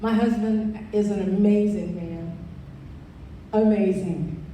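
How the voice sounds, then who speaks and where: A woman in her sixties delivers a personal testimony as keynote speaker in a large event hall, her voice mellow, medium-pitched, fairly even and slow. She tells her story emphatically, repeating phrases for weight. The recording is echoey, with a distant mic and faint noise.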